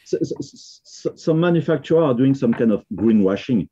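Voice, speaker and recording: A man's voice: medium pitch, animated, normal speed, muffled recording, crowd noise. A man with a French accent talking casually as a podcast guest, often hesitating with fillers and restarts. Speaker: software company founder, podcast guest.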